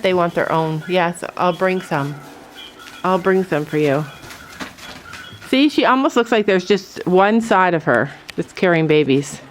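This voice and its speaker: A middle-aged woman chatting casually on her farm, talking to her goats while filming. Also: a little hiss or hum. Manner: chatty, voices her goats in squeaky high tones. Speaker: vlogger. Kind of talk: casual farm vlog chat.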